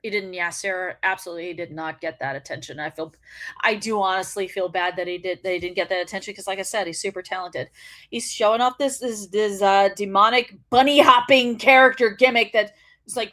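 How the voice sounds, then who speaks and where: A woman's voice: medium pitch, fairly even intonation, brisk, fairly bright tone. A woman hosting a wrestling show, ranting in casual commentary, swearing freely and laughing often.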